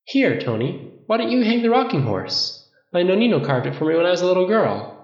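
A man voicing a fond, elegant mother and wife, gentle and doting, in a dull lo-fi recording. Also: fairly low pitch, sing-song, brisk, roomy sound, pitched above the performer's own voice. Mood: affectionate.

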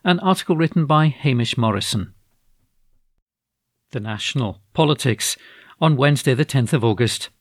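A man with a Scottish accent reads newspaper articles aloud at a steady, measured pace. His voice sits at an ordinary middle pitch. The recording is dry and close, with no room sound. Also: dry recording. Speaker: volunteer newspaper reader.

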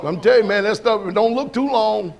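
A man preaching a sermon, animated, shouting and laughing, acting out voices. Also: high voice, brisk, vocal fry.

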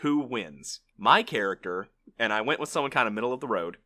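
Bright-voiced man hosting a chat. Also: mid-range voice, lively intonation, brisk. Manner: organized, sets up prompts and steers the talk. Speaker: podcast host running segments. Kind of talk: casual chat.

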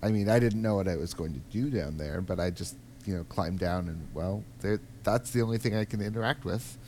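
A man's voice: low-pitched, a little fast, a little mellow, slight background noise. A man co-hosting a podcast, chatting casually about a video game and thinking aloud with frequent ums. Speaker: podcast co-host.

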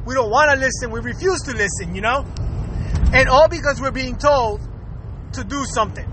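A man in his thirties with an extremely high, sharp voice hosts a casual podcast, with a little hiss or hum audible. He rants bluntly, swears a lot and laughs frequently.

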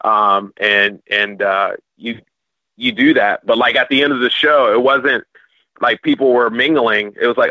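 Speaking a little slowly, a man guesting on a podcast rambles through travel anecdotes with a bright, forceful tone at medium pitch, often starting over. It's a dry, slightly muffled lo-fi recording with no echo.

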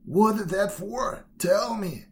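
A man voicing a big, slow, gullible male bear in a storybook reading, in a gruff, blustering manner. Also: mid-range voice, animated, a little mellow, natural voice. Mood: pained outcry.

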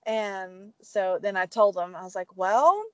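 A woman, telling a personal story in casual chat and acting out phone calls in a high voice. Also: little pitch movement, a little slow, clear, resonant tone, no room sound, dull audio. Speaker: guest.

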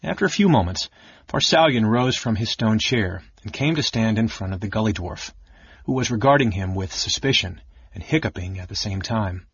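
Man narrating an audiobook, husky low voice. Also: normal speed, highs cut off. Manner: steady, expressive reading. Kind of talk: scripted narration.

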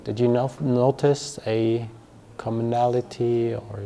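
A man teaching grammar to a learner, explaining patiently with fillers and slow, careful pronunciation examples. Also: medium pitch, level tone, vocal fry, warm tone. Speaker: German teacher.

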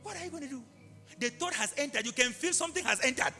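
A man preaching a live sermon in an impassioned way, repeating key phrases and bursting into shouts. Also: very high-pitched, lively intonation, quick pace. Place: large church hall. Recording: live hall reverb with faint music.

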